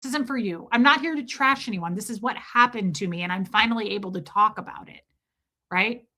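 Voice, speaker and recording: With a medium-pitched, bright and forceful voice at a fairly quick pace, this livestream host relates a story with emphasis in a casual setting. She acts out the voices of the story's characters as she goes.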